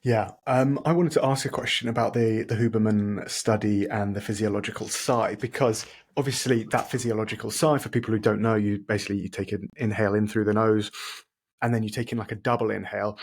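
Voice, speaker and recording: Low-voiced man hosting a podcast. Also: steady tone, brisk, husky. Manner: informal, self-deprecating, chatty. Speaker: podcast host. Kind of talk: casual interview questions.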